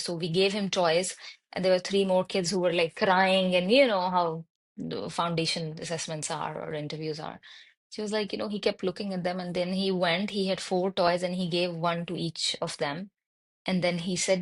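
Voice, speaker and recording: A woman in her thirties, a podcast guest telling candid stories about raising her children in an unhurried, reflective way. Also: steady tone. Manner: unhurried, reflective, voices her son's lines higher. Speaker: podcast guest, mother of autistic twins. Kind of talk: candid personal storytelling.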